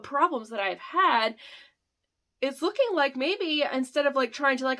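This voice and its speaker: A woman's voice: sits high, lively intonation, a little slow, sharp tone. A woman in her thirties talking casually to her vlog audience, chatty and candid, laughing often and using many fillers. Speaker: small business owner vlogging a sales sprint.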